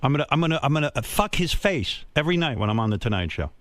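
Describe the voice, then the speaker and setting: A brash, boastful older man holds court on a radio show. His pitch swings all over as he slips into mocking voices for the people in his story. The sound is dry and close on a studio mic. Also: big pitch swings, very fast, a bit bright, no room sound. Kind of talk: crude comedic radio banter.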